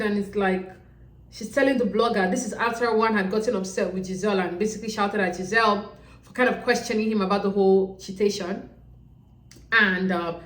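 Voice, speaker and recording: A woman hosting a casual reality TV recap, animated and sassy, acting out what others said. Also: mid-range voice, reverberant. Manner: animated, sassy, quotes people in voices.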